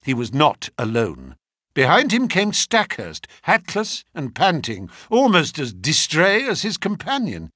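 A man narrates a mystery story in a husky, slightly breathy voice. His pitch moves in a lively way through the sentences. The sound is close and dry. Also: unhurried, no echo. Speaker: audiobook narrator. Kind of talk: scripted narration with character voices.

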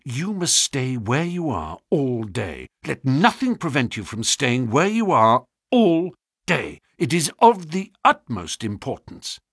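A keen detective speaks crisply and with commanding intensity, his voice a touch high and full of movement, read by a man doing all the voices. The recording is close and dry. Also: very animated, normal speed, pushed and bright, no echo, full character voice. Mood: intent.

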